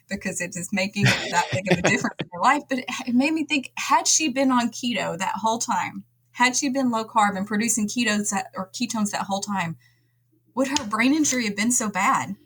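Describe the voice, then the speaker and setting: A woman nurse practitioner telling a patient story in a conversational podcast interview, with an animated way of acting out dialogue. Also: medium pitch, fairly quick, husky, low-quality recording. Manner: animated, acts out quoted dialogue.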